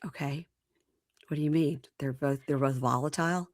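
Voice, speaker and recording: A woman's voice: low voice, moderate pace, no echo, clean studio sound. A woman hosting a podcast, recapping a reality show in casual chat and acting out the people she quotes. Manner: animated retelling with quoted voices. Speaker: podcast host.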